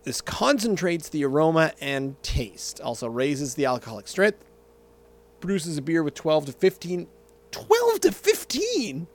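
A man's voice: a little high, lively intonation, normal speed. A man vlogging casually, telling a rambling story and tasting a beer, often correcting himself and going off on tangents.

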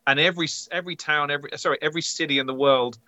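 Animated English man, sharp bright voice, playful, dry sound. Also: very fast, no echo. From England. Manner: animated, playful, teasing, pitch leaping up. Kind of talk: casual chat.

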